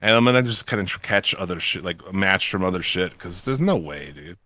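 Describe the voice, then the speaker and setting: A man's voice: sits low, expressive, fairly quick, sharp tone, no room sound. A man in his thirties co-hosting a casual wrestling podcast, laid-back and profane, laughing often. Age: 30s. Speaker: podcast co-host.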